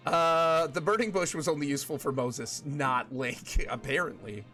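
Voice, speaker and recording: A man's voice: mid-range voice, moderate pace, few pauses, bright, forceful tone. A man streaming a video game, chatting playfully with viewers and singing snatches of songs. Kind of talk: casual gameplay chat with chat readers. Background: game music.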